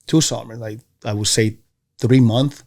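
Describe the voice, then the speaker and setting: A man from Venezuela, a former baseball player, telling stories in a casual interview, animated and acting out the voices of others. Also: a little slow, gravelly. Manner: animated, acts out quoted voices with jumps in pitch. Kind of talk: casual storytelling.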